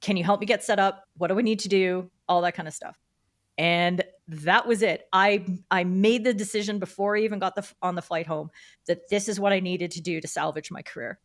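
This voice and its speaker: Middle-aged woman, podcast guest, lively storyteller, mid-pitched, relaxed and candid. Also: fairly quick. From Canada. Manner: animated storyteller who acts out quoted dialogue. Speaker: podcast guest, field hockey umpire. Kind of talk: casual interview storytelling.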